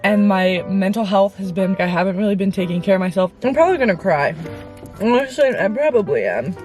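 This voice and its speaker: Young woman, late teens, Christian vlogger, rambling and candid, talking in a car, soft music underneath. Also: mid-range voice, animated, brisk. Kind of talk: casual confessional vlog. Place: inside a parked car. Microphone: on-camera mic.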